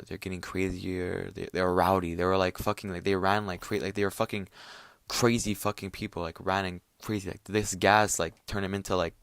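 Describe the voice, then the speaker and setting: A man's voice: deep voice, no room sound. A young man hosting a casual solo talk show, rambling with lots of fillers and heavy swearing. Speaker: podcast host.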